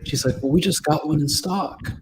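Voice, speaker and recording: A man's voice: a little high, moderate pace, noisy background. A man, a guest on a livestream, telling a casual story and acting out other people's lines as he goes.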